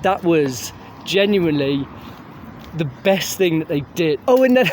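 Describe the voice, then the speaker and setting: A young man giving a sweary, animated gig review while out on a street, laughing as he tells it. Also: high voice. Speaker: music reviewer. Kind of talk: casual ranting gig review. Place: outdoors on a street. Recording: street traffic noise behind. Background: traffic and street ambience.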